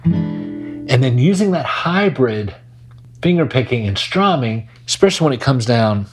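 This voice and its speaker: Slow, easygoing male guitar teacher. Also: mid-range voice, very animated. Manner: laid-back, talks while playing guitar. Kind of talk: casual guitar lesson with demonstrations. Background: his own acoustic guitar playing.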